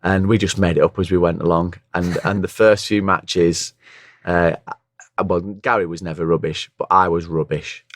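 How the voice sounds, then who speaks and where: A man's voice: deep voice, level tone, moderate pace. A hungover man, a former football commentator, telling rambling anecdotes in a casual podcast chat, with a somewhat nasal voice. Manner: rambling anecdotes, acts out other people's lines.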